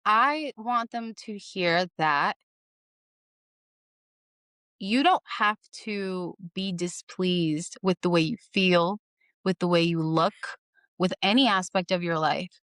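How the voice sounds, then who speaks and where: A woman's voice: fairly low pitch, slow pace, a bit bright, clear, resonant tone, no room sound, clean studio sound. A young adult woman, a podcast guest, telling her story in casual, earnest speech and repeating phrases for emphasis.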